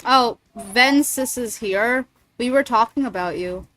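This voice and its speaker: A woman's voice: fairly high pitch, a little slow, a bit bright, faint music behind. A woman streamer chatting casually and rambling, swearing freely between thoughts. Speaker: streamer and voice actor. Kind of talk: casual livestream chat.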